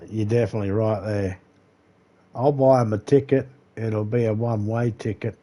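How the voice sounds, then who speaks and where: With a lowish, warm voice at a normal pace, this Australian man streams games live and rambles in casual chat. He rants, swears freely and cracks himself up with his own jokes.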